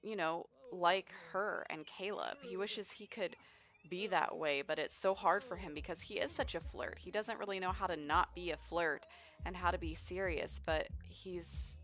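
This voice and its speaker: A woman's voice: on the low side, normal speed, a bit bright. Chatty woman narrating a life sim. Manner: chatty, upbeat, rambling. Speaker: let's play host. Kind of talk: casual game commentary.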